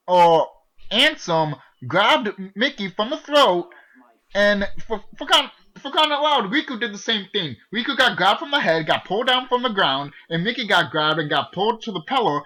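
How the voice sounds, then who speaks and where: Man, high bright voice, exasperated profane gaming rant, trips over his words. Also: low-quality recording. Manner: exasperated, profane, restarts a lot. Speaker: gaming video creator. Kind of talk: ranting game commentary.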